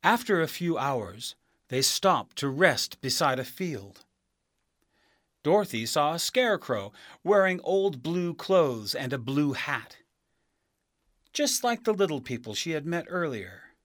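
A man reading a children's storybook aloud as narrator, slow, clear and expressive. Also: a little high, dry recording, studio quality.

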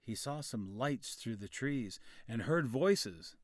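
Guy reading a kids story, slow and clear, close dry mic. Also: mid-range voice, expressive, dry recording. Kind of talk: storybook narration.

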